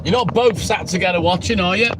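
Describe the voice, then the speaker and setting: Cheeky high-voiced milkman, engine noise. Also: fast. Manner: cheeky banter, greets viewers by name. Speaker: milkman live-streaming his round. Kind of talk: casual live-stream chat with viewers.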